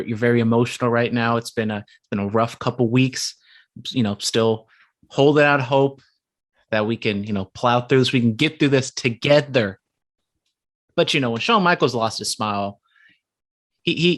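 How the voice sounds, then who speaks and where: Wry mid-pitched co-host man. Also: moderate pace. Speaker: podcast co-host. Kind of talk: casual podcast chat.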